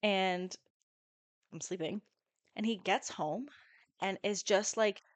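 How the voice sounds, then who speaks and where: A woman's voice: medium pitch, takes it slowly, no room sound. A young woman in her twenties, a podcast co-host, telling a story casually with lots of swearing and acted-out quotes. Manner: animated storyteller, swears often, acts out quotes.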